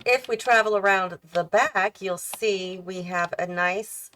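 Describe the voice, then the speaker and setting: A woman's voice: mid-range voice, a little slow, fairly bright tone. Tired, chatty woman narrating a game build. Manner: chatty, thinks aloud and questions herself. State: tired, yawning. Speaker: host of a gaming channel. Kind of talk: casual commentary while building a house in a game.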